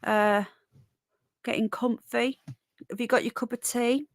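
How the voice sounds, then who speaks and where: A woman's voice: fairly high pitch, fairly even intonation, measured pace, dry recording. A woman hosting a live podcast from her bed, chatting casually and greeting viewers by name. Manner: chatty, rambling, warm greetings to chat. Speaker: livestream podcast host. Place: bedroom, sitting on her bed. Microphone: own microphone on camera setup.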